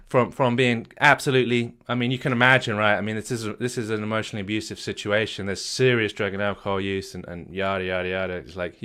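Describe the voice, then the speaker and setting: A man with a fairly low voice telling his personal story to an audience. He is earnest and emphatic, often repeating himself and restarting his sentences. He sounds middle-aged and speaks as a coach. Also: pushed and bright. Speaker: marriage coach.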